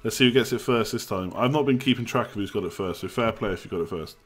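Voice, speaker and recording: A man's voice: on the low side, fast talker. Chatty man on a live stream. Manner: chatty, joking, reads chat aloud. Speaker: livestream host. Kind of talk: casual live chat.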